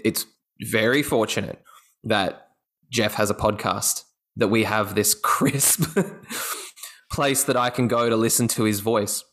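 A man with an Australian accent, a guest actor telling stories in a casual interview, lively and often laughing. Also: fairly low pitch. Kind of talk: casual podcast interview chat.

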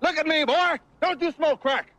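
High shrill taunting voice, a man putting it on, dry, far off. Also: normal speed, fairly bright tone, no room sound. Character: man aggressively accusing someone, high and taunting.

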